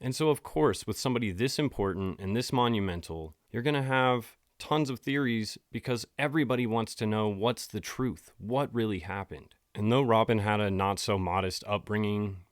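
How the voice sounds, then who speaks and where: Man, podcast host, lowish voice, casual narration, dry close mic. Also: moderate pace, few pauses, no echo. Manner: casual, storytelling tone.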